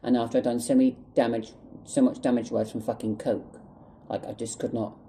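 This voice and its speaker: A man's voice: medium pitch, flat delivery, brisk, mellow, slight background noise, poor audio. A man telling a story to the camera in an angry, emotional way, swearing a lot and close to tears. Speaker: vlogger. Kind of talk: storytime vlog monologue.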